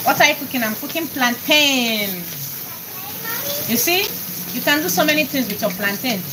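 A woman's voice: high voice, expressive, moderate pace, background noise. A woman with a Nigerian accent chatting casually on a live stream while she cooks, often laughing and calling out greetings to her viewers.

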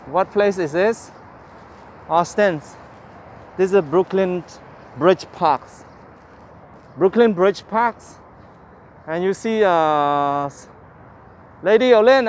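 A man with a high voice hosts a casual live walking-tour stream in a city park. He chats cheerfully in simple broken English and thanks viewers by name, and there's a little hiss or hum in the audio.

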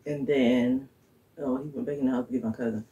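A woman's voice: very deep voice, steady tone, a little fast, warm tone, highs cut off. Rambling woman vlogging at home. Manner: rambling, thinking aloud, chuckles often. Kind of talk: casual vlog chat to viewers. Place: home kitchen.

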